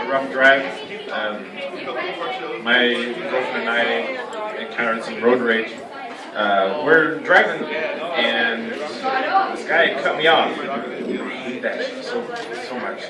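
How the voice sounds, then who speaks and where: A young man performs stand-up with a rambling, halting delivery, his pitch swinging freely. He sounds distant from the mic in a roomy, echoing club. An audience laughs loudly in the background. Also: lively intonation, over a noisy crowd. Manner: rambling, halting delivery full of "like" and "you know". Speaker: stand-up comedian. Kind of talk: stand-up comedy set. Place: comedy club stage. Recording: echoey room, heard from a distance.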